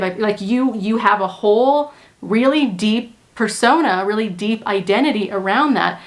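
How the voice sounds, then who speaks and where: A woman's voice: medium pitch, lively intonation, normal speed. A young woman talking to camera as a manifestation coach, earnest and emphatic, repeating points for stress. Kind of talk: casual talk to camera.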